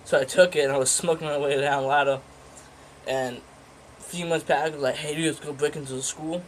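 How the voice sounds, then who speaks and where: A man's voice: fairly high pitch, steady tone, fairly quick, slight background noise, poor audio. A teenage guy casually telling a story in a rambling, profane way, full of fillers and restarts. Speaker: vlogger.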